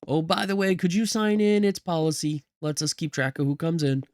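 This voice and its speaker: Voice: mid-range voice, a little fast, a little mellow, no echo, clean studio sound, voice pushed up, close to an everyday voice. A game streamer voicing a friendly, chatty male museum security guard during a read-through of game dialogue. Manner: casual, folksy small talk.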